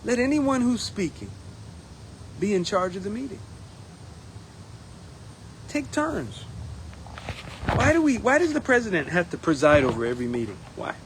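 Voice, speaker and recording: Guy talking union stuff, fairly high voice, animated, faint car noise behind. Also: moderate pace, long pauses. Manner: animated, acts out members' voices in quotes. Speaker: union steward running for president. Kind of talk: casual campaign monologue.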